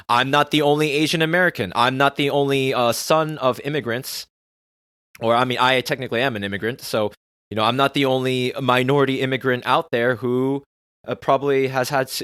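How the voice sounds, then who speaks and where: A man's voice: medium pitch, fairly bright tone, dry recording, clean studio sound. A man hosting a podcast in a candid, confessional personal monologue, swearing freely. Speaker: podcast host.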